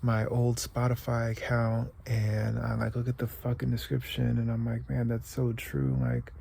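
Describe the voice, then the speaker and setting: A man's voice: mid-range voice, moderate pace, gravelly, warm tone, a little hiss or hum. A young man from the United States talking through a rambling, emotional confessional vlog, close to tears and sometimes dropping to a whisper. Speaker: vlogger.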